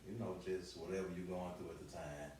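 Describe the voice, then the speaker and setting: A man's voice: low-pitched, fairly even intonation, fast, a little mellow. A man co-hosting a podcast with his wife, laid-back and teasing in casual chat. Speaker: podcast co-host, husband. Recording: echoey room, distant mic, faint noise.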